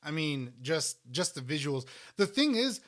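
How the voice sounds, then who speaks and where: A man's voice: on the high side, big pitch swings, a little slow, fairly bright tone. A man co-hosting a casual eating podcast, rambling and restarting as he talks with food in his mouth. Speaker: podcast co-host. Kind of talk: casual chat while eating.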